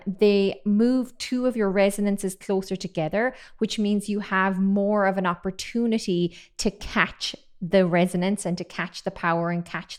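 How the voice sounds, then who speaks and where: Brief: woman, 30s, upbeat vocal coach, smooth resonant tone, mid pitch. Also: darkish tone. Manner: enthusiastic, chatty, demonstrates sounds. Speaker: singing voice coach. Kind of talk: vocal technique lesson.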